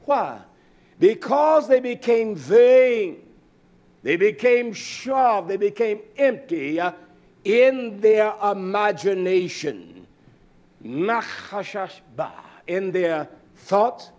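Male preacher, high voice, unhurried fiery sermon with sudden shouts. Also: expressive. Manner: impassioned, swings between low drawn-out phrases and shouting; chants and sings repeated words.

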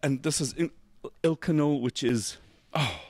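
A man's voice: on the high side, a little slow, a little mellow, dry recording. A man hosting a motorsport show, chatting casually and joking as he gushes over a race car's details. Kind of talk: casual walkaround chat.

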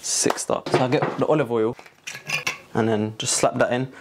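A young man vlogs while cooking for his family in his home kitchen, rambling and joking to himself in a flustered, stressed way. His medium-pitched voice has fairly even intonation and a moderate pace, and the kitchen recording is noisy.

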